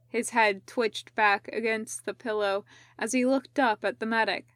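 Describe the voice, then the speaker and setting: Kobieta powoli czytająca opowiadanie. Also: female voice, a little high, fairly even intonation, unhurried, a bit bright, no echo, clean studio sound. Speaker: podfic reader. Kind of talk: audiobook narration of fan fiction.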